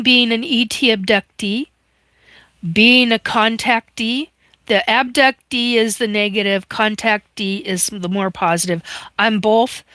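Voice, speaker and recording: A middle-aged woman hosting a livestream, talking haltingly and getting choked up and sniffly as she tells her story and reads out viewer comments. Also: on the high side, pushed and bright, no room sound. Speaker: livestream host. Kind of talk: emotional livestream monologue. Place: home livestream.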